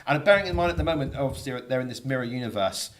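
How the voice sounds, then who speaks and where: A man co-hosting a podcast, giving relaxed, measured commentary in casual chat. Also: mid-range voice. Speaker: podcast co-host.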